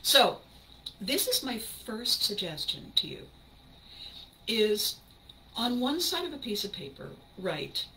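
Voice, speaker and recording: A woman talks unhurriedly in a bright voice, hosting a motivational podcast. She is animated and emphatic, often breaking into laughter, and acts out other people's lines. Her delivery stays measured. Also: a little high, slight background noise, low-quality recording. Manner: acts out quoted people in a shifted voice. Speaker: podcast host. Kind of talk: motivational talk.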